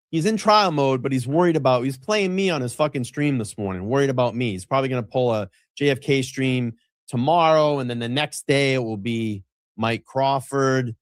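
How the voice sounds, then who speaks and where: A man hosts a live stream with casual, profane commentary and mocks his rivals gleefully. His voice sits at an ordinary middle pitch. The sound is dry and close, with no room echo. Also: moderate pace.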